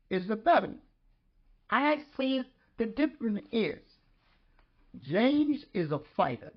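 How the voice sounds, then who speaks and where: A man telling animated anecdotes in casual talk. He acts out the quoted lines and laughs as he goes. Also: sits high. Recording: slightly dull lo-fi podcast audio.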